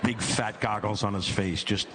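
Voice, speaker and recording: A man's voice: moderate pace, a little hiss or hum. A middle-aged man doing stand-up comedy on stage, telling a long story with repeated phrases and mounting exasperation. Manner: animated storyteller, repeats phrases for comic effect, climbs high when exasperated. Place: comedy stage before a live audience.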